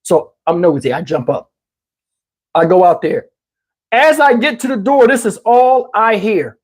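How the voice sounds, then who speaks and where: A man spinning a casual story into a lapel mic, loose and profane, jumping into everybody's voices. His voice is husky and rides high and low with big, lively swings in pitch. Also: a little slow. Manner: animated, profane, acts out quotes. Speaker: YouTuber telling a story. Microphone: wireless lapel mic.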